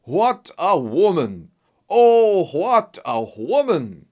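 A man voicing an excitable, boastful king who speaks emphatically in a storybook reading. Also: sits high, measured pace, pitched above the performer's own voice. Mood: admiring. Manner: emphatic, exclaiming.

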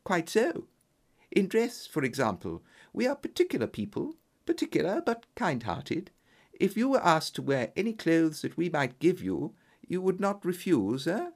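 A jovial gentleman with a gravelly edge coaxes and cajoles, as a storyteller voices him. His tone is raised and eager, swinging lively up and down. It is a storybook reading. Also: mid-range voice, normal speed. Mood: coaxing. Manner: jovial and coaxing. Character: hearty, eager middle-aged gentleman employer.

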